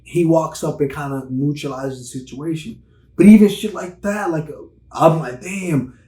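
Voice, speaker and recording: A young man in his twenties chatting casually on a podcast, animated and profane, acting out stories in voices. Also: fairly high pitch, normal speed. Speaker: podcast host. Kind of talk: casual chat. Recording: echoey room.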